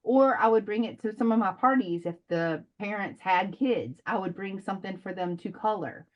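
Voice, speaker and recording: A woman's voice: mid-range voice, normal speed, lo-fi sound. A woman in casual chat, talking in a chatty way with lots of fillers over a video call. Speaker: direct sales consultant.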